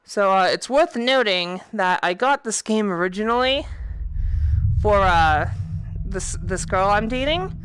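A woman with a Boston accent giving casual, profane, excitable commentary while playing a VR game. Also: mid-range voice, measured pace, a little hiss or hum. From Boston, USA. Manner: profane, excitable, thinking aloud. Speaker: VR game streamer. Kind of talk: casual let's-play commentary.

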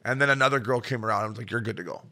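A man co-hosting a podcast, chatting casually and cursing freely as he rambles through a story. His voice has a bright, forward ring. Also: medium pitch, racing. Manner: loose, profane storytelling. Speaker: podcast co-host. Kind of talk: casual chat.

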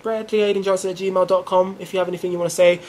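A young man vlogging about fitness in a chatty, blunt way, going from low mumbles to loud emphatic bursts. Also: flat delivery, racing. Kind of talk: casual talk to camera.

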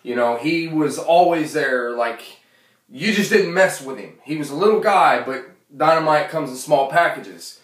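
A man doing rambling, animated stand-up comedy, recorded from far off in an echoey room. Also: a little high, moderate pace.

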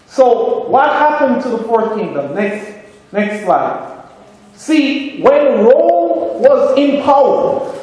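A man with a Jamaican accent preaching a sermon on prophecy, drawing amens and answers from the congregation in an emphatic way. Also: very high-pitched. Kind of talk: prophecy sermon with call and response. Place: church hall. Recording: echoey church hall.

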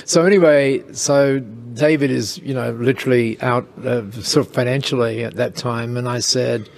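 A man telling a casual anecdote in an interview, lively, with chuckles and quick asides. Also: medium pitch, creaky. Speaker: interview guest, storyteller.

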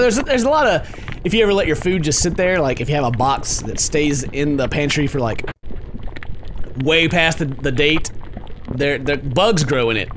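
Excitable man with a lively, jumpy voice. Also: sits high, slight background noise. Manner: excitable, yelps and shouts when startled. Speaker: gaming video host. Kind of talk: game commentary.

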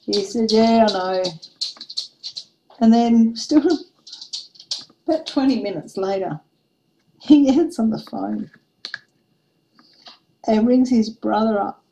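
A woman's voice: a little high, takes it slowly, vocal fry, long pauses, mellow, slight background noise, low-quality recording. A woman in her forties telling a funny anecdote in a casual craft-vlog chat, laughing often as she goes. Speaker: craft vlogger.

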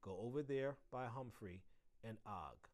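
A man voicing a calm, firm schoolteacher settling two girls in a storybook reading. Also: medium pitch, unhurried, natural voice.

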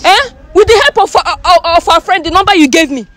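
Woman, Nigerian accent, high voice, scolding mediator, repeats herself, slips into pidgin, heated street argument outdoors. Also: animated, a little fast, fairly bright tone.

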